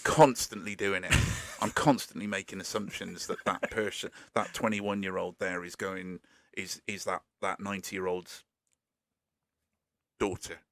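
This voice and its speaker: Man, English paramedic, low-pitched, dad-joke humour, bright tone. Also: steady tone, measured pace, no room sound. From England. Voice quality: jokey, self-deprecating. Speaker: paramedic guest. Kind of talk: casual podcast chat.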